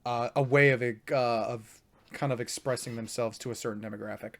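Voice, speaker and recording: Young guy on a podcast, rambling a lot, keeps restarting, mid-pitch voice. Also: steady tone, brisk. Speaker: podcast co-host. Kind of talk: casual chat.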